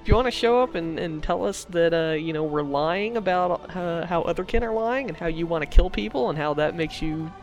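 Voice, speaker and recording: Comic podcast co-host, male, a bit high-voiced, exasperated and mocking. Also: a little fast, hardly any pauses, faint music behind. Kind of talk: comedic podcast chat.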